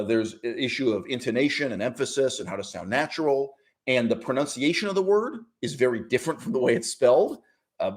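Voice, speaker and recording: A man hosting his own channel, delivering an opinionated monologue with emphatic stresses, frequent restarts and short laughs. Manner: argumentative, emphatic, with sudden pitch jumps and mock quotes; restarts and fillers, laughs while speaking. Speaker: channel host.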